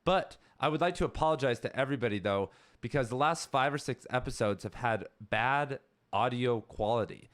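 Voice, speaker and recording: Laid-back guy hosting a podcast, rambly and chill, mid pitch. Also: normal speed. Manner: rambling, relaxed, with fillers. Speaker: podcast host. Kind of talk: casual chat about a book chapter.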